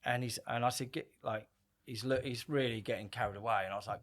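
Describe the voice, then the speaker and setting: A middle-aged man telling a story casually on a podcast, animated, swearing freely and acting out quoted lines. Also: mid-range voice, fast talker. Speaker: podcast guest.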